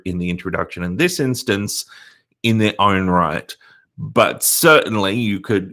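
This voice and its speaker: A man, a university lecturer explaining methods in a live-streamed Q&A, measured and pausing often with ums. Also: low voice, sharp tone. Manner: measured, explanatory, with frequent hesitations. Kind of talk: live-streamed Q&A on a lab report.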